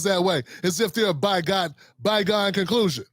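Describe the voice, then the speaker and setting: A man's voice: sits high, moderate pace, hardly any pauses, a bit bright, dry recording, studio quality. A man hosting his own show, ranting in a heated, mocking political commentary. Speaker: host.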